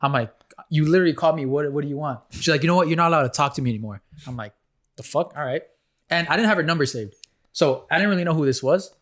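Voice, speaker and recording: A man's voice: a little high, quick pace, fairly bright tone. A man co-hosting a podcast, telling a story in a laid-back casual way with plenty of swearing. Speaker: podcast co-host. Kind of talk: casual chat.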